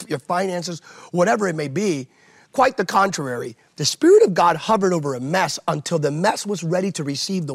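A man, a pastor, preaching in an impassioned sermon style within a conversation, driving points home with emphatic repetition. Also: fairly high pitch. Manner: emphatic, repeats phrases for rhetorical effect.

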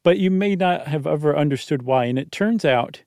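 A man's voice: on the high side, lively intonation, moderate pace, darkish tone, no echo. Brief: laid-back male podcast host on a studio mic, rambling explainer, dry close sound. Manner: easygoing, rambling, self-interrupting. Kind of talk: casual explanatory chat.

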